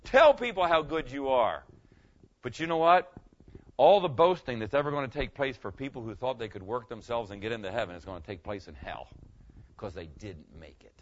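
In a church sanctuary, a middle-aged pastor with a fairly low voice preaches conversationally, repeating phrases and asking his congregation questions. The dull lo-fi recording carries slight background noise.

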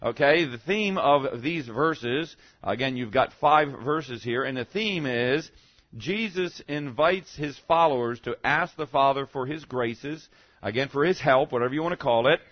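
A man's voice: mid-range voice, measured pace, muffled recording. A male pastor preaching a teaching sermon in a conversational way, often checking in with the congregation and punching key words for emphasis.

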